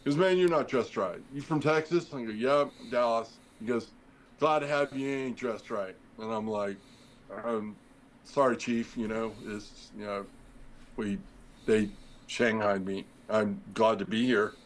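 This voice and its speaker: His voice is on the low side with little pitch movement and a measured pace, captured in a low-quality recording with a little hiss or hum. He's a middle-aged former firefighter guesting on a podcast, rambling through a long story, acting out the dialogue and using lots of fillers.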